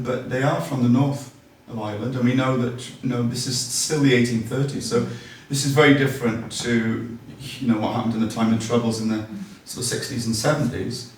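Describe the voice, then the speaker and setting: A man gives a public history talk in a large, very echoey room, heard from some distance away from the mic. His delivery is conversational, with ums and restarts, and he reads quotations aloud now and then. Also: medium pitch. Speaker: local history speaker.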